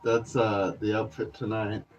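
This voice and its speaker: A man's voice: fairly low pitch, level tone, a little slow, faint music behind. A man from Canada rambling casually and profanely to his viewers, calling them folks, with plenty of fillers. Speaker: vlogger. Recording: dull lo-fi sound.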